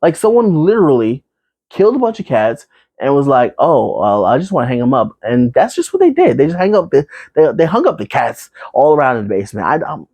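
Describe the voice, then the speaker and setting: A man's voice: on the high side, huge pitch swings, darkish tone, no echo. A man casually recapping a horror movie, rambling with fillers and asides, now and then acting out the characters. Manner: acts out characters in quick put-on voices.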